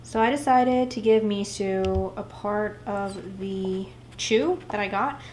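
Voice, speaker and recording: A woman's voice: mid-range voice, slow pace, darkish tone, slight background noise, rough recording. A young woman in her twenties chatting casually at home through a camera mic, often breaking off to scold and praise her puppy. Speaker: vlogger. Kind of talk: casual unboxing vlog.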